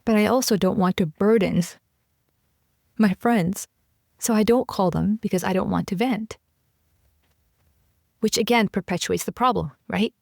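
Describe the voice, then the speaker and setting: Podcast host lady, kinda low and gravelly, shares her own stories, dry close sound. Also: unhurried, pauses often, no echo. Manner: warm, affirming, shares personal anecdotes. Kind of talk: casual interview chat.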